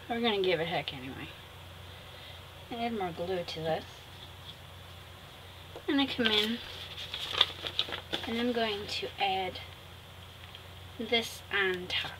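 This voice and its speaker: A chatty woman talks viewers through a home craft project at her table, addressing them with easy affection and laughing at her own slips. Her voice sits at an ordinary mid pitch. A clear layer of background noise runs underneath the recording. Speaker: craft vlogger. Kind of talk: casual craft tutorial chat.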